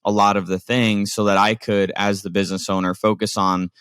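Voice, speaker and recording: A man's voice: on the low side, level tone, brisk, fairly bright tone, clean tone, dry recording. A man, a business owner, explaining delegation in a conversational, emphatic way with many fillers. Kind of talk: casual instructional talk.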